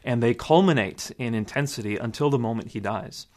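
Measured man explaining at length. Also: mid-range voice. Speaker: guest. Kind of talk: interview answer.

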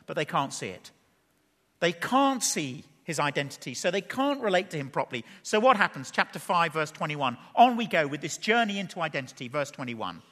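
A man preaching an expository sermon in a church hall. He is lively, asks the audience questions and drops playful asides. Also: high-pitched, moderate pace. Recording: long reverb of a large hall.

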